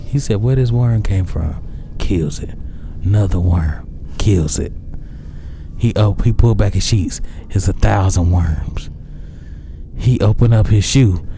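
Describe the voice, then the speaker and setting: A man casually telling an absurd story in a deadpan, slangy, unhurried way. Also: deep voice, a little hiss or hum.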